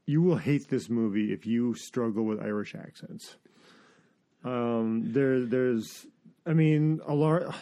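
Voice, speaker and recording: A man reviews a film in a relaxed podcast chat. His voice is warm and mellow at a middle pitch. He rambles with strong opinions and stops and restarts his sentences. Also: takes it slowly. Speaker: movie review podcast host.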